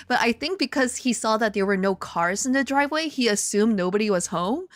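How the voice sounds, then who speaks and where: A woman chatting casually with her viewers, telling stories with swearing, laughter and sudden high excited outbursts. She lives in Korea. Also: moderate pace, hardly any pauses, no echo, clean studio sound. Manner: animated storytelling, swearing, laughing, jumps to high excited exclamations. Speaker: streamer. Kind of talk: casual chat reading viewer comments.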